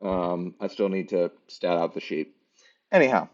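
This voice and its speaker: A man's voice: deep voice, expressive, normal speed. A man running a tabletop game as game master, talking casually with many fillers. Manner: hesitant, lots of fillers. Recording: lo-fi muffled mic.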